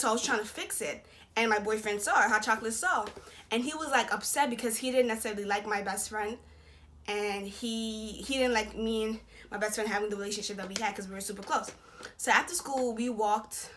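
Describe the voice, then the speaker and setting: A young woman vlogger telling a personal story in a casual, slangy, animated way, acting out what people said. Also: mid-range voice, a little hiss or hum. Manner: slangy, animated retelling with quoted voices.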